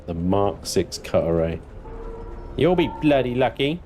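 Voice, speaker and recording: A man's voice: lowish voice, very animated, unhurried, a little mellow, slight background noise. A man live-streaming a game, chatting in a rambling, giggly way. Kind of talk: live gameplay commentary.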